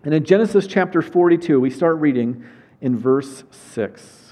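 A man preaching a sermon, opening with a prayer and then telling a Bible story in a lively way with asides, reading scripture aloud. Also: on the high side, moderate pace. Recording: dull lo-fi sound.

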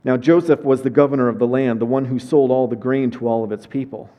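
A man preaching a sermon, opening with a prayer and then telling a Bible story in a lively way with asides, reading scripture aloud. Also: mid-range voice, quick pace. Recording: dull lo-fi sound.

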